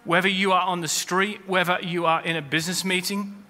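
A man's voice: high-pitched, steady tone, a little fast, sharp tone. A man preaching a sermon as pastor, with rising emphasis as he quotes scripture. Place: church. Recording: long hall reverb.

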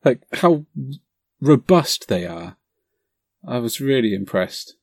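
Casting: excitable man, podcast co-host, dry close sound. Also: medium pitch, takes it slowly, no echo. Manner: enthusiastic, rambling with fillers. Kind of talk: casual chat.

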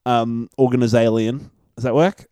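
A man's voice: mid-range voice, steady tone, normal speed, mellow, no room sound. An Australian man with a mid-range voice, recorded close and dry with no room sound. He co-hosts a laid-back movie chat, teasing his friend and laughing often. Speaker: podcast co-host. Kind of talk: casual movie review chat.

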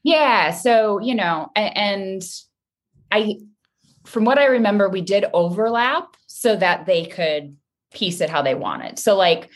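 A woman being interviewed as a guest actress, chatting lively and laughing often. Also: mid-range voice, slow pace. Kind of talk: casual interview chat.

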